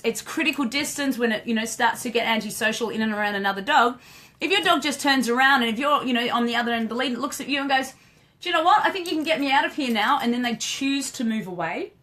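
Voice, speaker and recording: A young woman runs a relaxed live question-and-answer stream on dog training. Her voice sits a little high and rings bright and forceful. She is chatty and quick to laugh, calling out to viewers by name as she goes. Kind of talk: casual live-stream chat.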